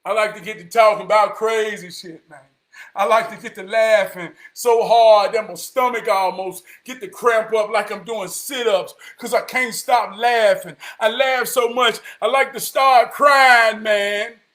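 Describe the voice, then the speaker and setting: A man with a Southern US accent giving an inspirational talk, preaching and building to shouts before dropping low. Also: measured pace. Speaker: motivational speaker.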